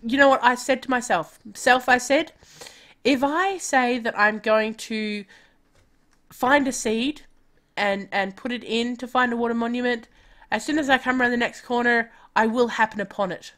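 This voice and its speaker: A woman's voice: fairly high pitch, moderate pace, fairly bright tone. A woman chatting casually on a live game stream, self-deprecating and talking to herself as she plays.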